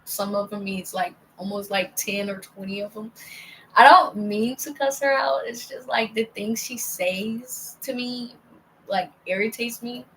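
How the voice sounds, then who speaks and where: A young woman rambles through a personal story in a casual monologue. Her slightly high voice is full of gravelly fry, and she keeps slipping into hushed near-whispers. A faint hiss sits behind her. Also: a little slow, poor audio. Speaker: vlogger.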